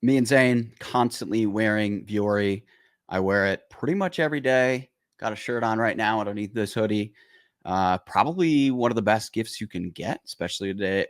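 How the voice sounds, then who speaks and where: A man's voice: on the low side, no room sound, clean studio sound. A podcast host, a man, reading a sponsor ad in a casual, upbeat way. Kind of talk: ad read.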